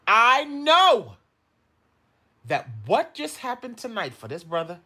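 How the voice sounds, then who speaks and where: A speaker in a played clip giving a heartfelt tribute, earnest and deliberate with a preacher-like emphasis. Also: medium pitch, wildly swooping pitch, husky.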